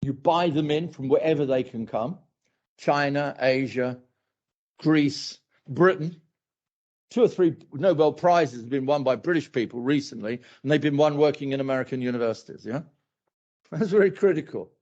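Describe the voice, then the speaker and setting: Man lecturing at a uni event, goes off on tangents, repeats himself, slightly raspy, muffled sound. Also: fairly high pitch, normal speed, a little mellow. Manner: rambling, with many asides and repeated phrases. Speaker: academic speaker. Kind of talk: answering a question at a university talk.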